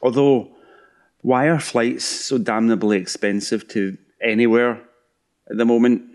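A man's voice: medium pitch, fairly even intonation, a little slow, a little mellow. A man from the United Kingdom, hosting a podcast with wry, mock-grumpy humor. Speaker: podcast host. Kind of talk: casual podcast chat and sign-off.

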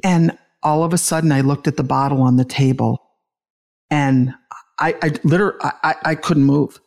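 Middle-aged woman, gravelly, emotional storytelling, nervous laughs, restarts. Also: low-pitched, steady tone, normal speed, darkish tone. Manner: emotional, laughs through grief, many restarts. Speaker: guest, bereaved mother and author. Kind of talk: conversational interview storytelling.

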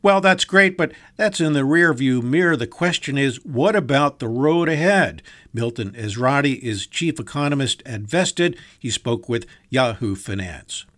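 Male news anchor, scripted and punchy, reads with clear emphasis. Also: mid-range voice, animated, unhurried, few pauses, a bit bright.

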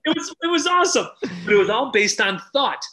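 A middle-aged man telling stories loudly on a podcast, acting out each character's lines as a relationship coach. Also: very high voice, brisk. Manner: animated, loud, acts out dialogue. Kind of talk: energetic storytelling in casual chat.

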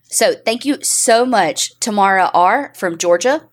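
A middle-aged woman co-hosting a chatty podcast. Her pitch swings widely as she talks, and she swears and laughs freely. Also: animated, a little slow. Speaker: podcast co-host. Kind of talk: casual chat.

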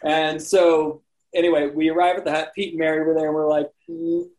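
Man, podcast guest, casual storytelling, slightly high voice, acts out quotes, laughs a lot. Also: little pitch movement, fairly quick, a little mellow, poor audio. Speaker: podcast guest, landscape photographer.

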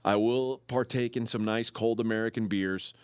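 A man from Texas, a co-host, talking in a cynical, deadpan way on a casual sports radio show. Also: lowish voice, normal speed, clear, resonant tone, no echo.

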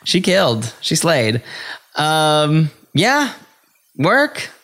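A man's voice: a little high, big pitch swings, extremely slow, fairly bright tone. A man hosting a podcast in a casual chat, playful, giggly and camp. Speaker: podcast host.

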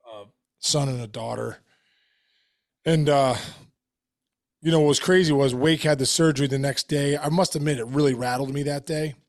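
Heartfelt man, halting sports podcast chat. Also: medium pitch, no room sound, clean studio sound. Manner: heartfelt, halting with many restarts. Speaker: podcast co-host. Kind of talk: casual chat.

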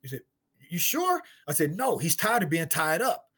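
Middle-aged man from St. Louis, slightly high and husky voice, quick animated storyteller who acts out every line. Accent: St. Louis, African American Vernacular English. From St. Louis, USA. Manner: acts out dialogue in high voices, laughs often. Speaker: guest storyteller, martial artist.

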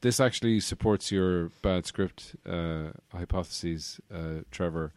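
A man's voice: low voice, unhurried, a little mellow, clean tone, no room sound. A man co-hosting a podcast, chatting casually about a film, rambling with jokes and fillers. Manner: rambling, joking, many fillers. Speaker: podcast co-host.

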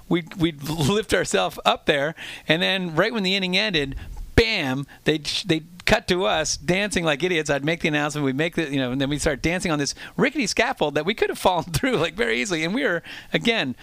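A middle-aged man telling an animated, self-mocking story in casual conversation, often restarting his sentences. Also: on the high side, a little fast, vocal fry, dry recording. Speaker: former ballpark entertainer.

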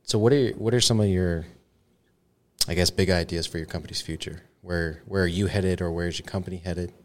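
Man, podcast host, very low voice, casual chat, jokey, laughs easily. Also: fairly even intonation, a little fast.

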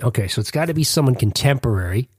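Husky, lively-voiced male podcast host. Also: mid-range voice, fast, dry recording, clean studio sound. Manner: rambling, self-correcting, jokey. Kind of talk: casual chat.

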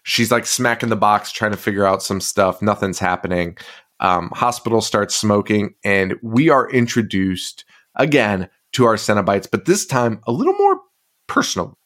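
A man's voice: on the low side, very animated, moderate pace, fairly bright tone. A man co-hosting a podcast, recapping films in casual chat, swearing and laughing as he rambles. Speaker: podcast co-host.

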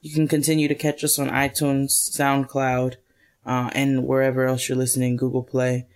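A woman's voice: a bass voice, monotone, normal speed, darkish tone, clean tone. A woman co-hosting a podcast in casual chat, upbeat and laughing as she reads listener messages aloud. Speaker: podcast co-host.

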